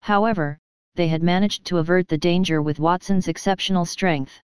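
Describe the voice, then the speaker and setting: A woman narrating an audiobook in steady scripted storytelling, recorded close on a studio mic. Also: on the low side, a little fast, clear, resonant tone, no room sound.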